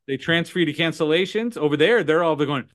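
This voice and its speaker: A man talking as a sales trainer guest in a podcast conversation, animated and punctuating points with "right?" and "okay?". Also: a little high, a little fast. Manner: animated, acts out phone calls in put-on voices.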